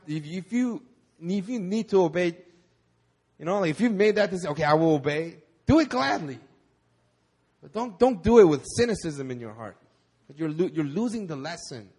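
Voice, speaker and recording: A man preaching to a congregation with a slightly raised pitch. He is animated, swings from loud to quiet, and repeats words as he presses his point. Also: breathy edge. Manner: animated, acts out quoted voices, repeats words when stressing. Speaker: pastor. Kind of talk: sermon. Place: church service.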